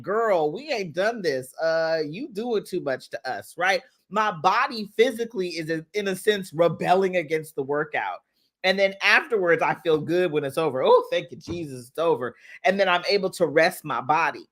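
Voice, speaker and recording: A woman talking to her live-stream viewers as a motivational coach, casual and animated, slipping into voices to act things out. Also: on the low side. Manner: lively, talks straight to viewers, acts out her own body parts in voices. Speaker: life coach hosting an Instagram live.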